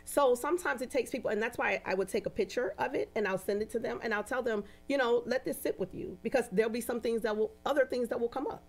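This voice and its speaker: A woman who works as a medium, a guest in a casual interview, telling animated anecdotes and acting out the voices of the people in them. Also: fairly high pitch, quick pace, few pauses. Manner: animated, acts out quoted dialogue in anecdotes; often adds "you know" and "right?".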